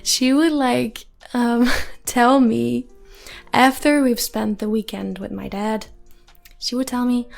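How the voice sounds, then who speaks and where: A young woman in her twenties talks through a relaxed solo podcast, her soft, calm voice sitting a little high with a gravelly edge of fry. She rambles and laughs easily as she goes. Faint music plays quietly behind her. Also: a little slow, long pauses. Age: 20s. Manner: rambling, giggly, many fillers. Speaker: podcast host. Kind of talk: casual solo podcast chat.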